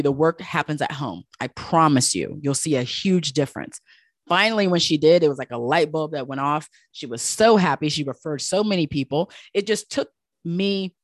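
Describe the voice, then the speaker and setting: A woman's voice: on the low side, dry recording, clean studio sound. Emphatic woman giving casual business advice. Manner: emphatic and conversational, repeats points for stress. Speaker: esthetician and business coach. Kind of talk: casual podcast monologue.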